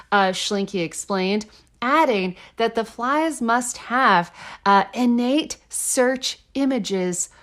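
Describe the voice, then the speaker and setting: A woman co-hosting a casual podcast, reading article quotes aloud and reacting with excitement, swearing and laughter. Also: on the high side. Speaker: podcast co-host.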